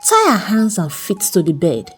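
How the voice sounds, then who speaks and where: A woman's voice: mid-range voice, huge pitch swings, moderate pace, faint music behind. A woman voicing a ruthless, wealthy middle-aged male chief who speaks in a cold, domineering way, in a storybook reading. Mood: commanding.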